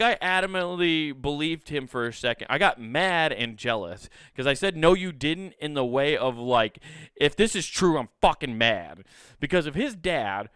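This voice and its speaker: A man's voice: fairly high pitch, pushed and bright, clear, resonant tone, no echo, studio quality. A man in his thirties from the US Midwest, hosting a podcast and telling a comedic story, self-mocking and swearing freely. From Sioux City, US Midwest.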